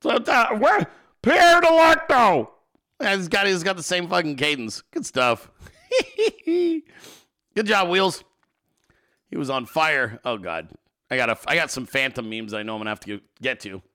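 A man hosting a podcast, talking in casual, excitable commentary, swearing often and laughing a lot. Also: mid-range voice. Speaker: podcast host.

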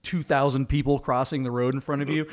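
A man co-hosting a casual car show, telling lively anecdotes and giving his picks. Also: quick pace. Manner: animated storyteller, jumps into high excited voices when telling anecdotes.

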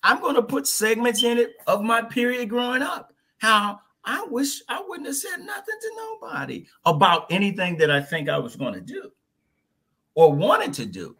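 A man guesting on a podcast, telling his story in a lively, folksy way and slipping into little voices. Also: extremely high pitch, normal speed, vocal fry, breathy edge. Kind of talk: animated storytelling in conversation.

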